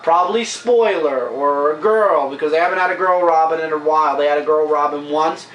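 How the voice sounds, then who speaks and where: A man's voice: a little high, a little fast, fairly bright tone. A man co-hosting a casual comic book review, offhand, opinionated and jokey. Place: indoor room with a camera. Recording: echoey room, distant mic.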